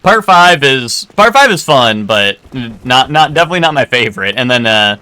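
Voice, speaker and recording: Young male streamer with a bright, forward voice, loose rambling chat, lots of fillers and casual cursing. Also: mid-range voice, sing-song, moderate pace, clean tone, dry recording. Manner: rambling, many "like" fillers and restarts; swears casually. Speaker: game streamer.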